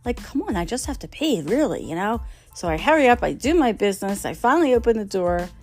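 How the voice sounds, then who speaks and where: A middle-aged host talks fast in a sing-song, slightly mellow mid-range voice, spinning casual funny stories about her own mistakes. Soft music plays in the background as she laughs at herself often and gives voice to the people in her tales.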